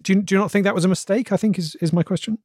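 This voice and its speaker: A man's voice: high-pitched, steady tone, very fast, a little mellow, dry recording, clean studio sound. A man playing a hesitant, polite interviewer in a scripted comedy podcast, probing with careful questions. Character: earnest male radio-style interviewer. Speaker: interviewer, presenter.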